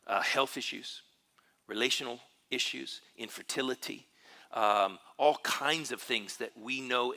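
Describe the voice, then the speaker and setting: Male pastor, mid-pitched, very bright tone, thoughtful sermon delivery with frequent restarts. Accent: Texan. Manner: reflective, searching, with frequent fillers and restarts. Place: church.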